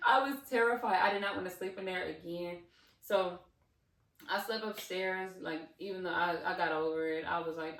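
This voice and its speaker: A woman in her twenties telling a story in a casual, animated way, drifting off topic and filling the gaps with um and like. Her voice sits at an ordinary pitch and carries a roomy echo, with the mic set back from her. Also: normal speed. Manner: animated, digressive, full of fillers. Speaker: vlogger. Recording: roomy, slightly distant mic.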